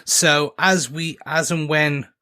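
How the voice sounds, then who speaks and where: Higher-voiced male podcast host, chatty. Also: steady tone, slow, sharp tone. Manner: chatty, plugs socials, self-mocking. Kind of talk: casual chat.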